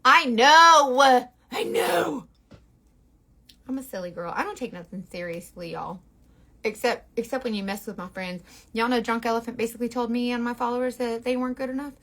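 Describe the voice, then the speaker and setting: A woman's voice: a little high, fairly even intonation, fast talker. A woman makeup artist talking through a casual makeup tutorial in a rambling, playful, sassy way. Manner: sassy slangy talk.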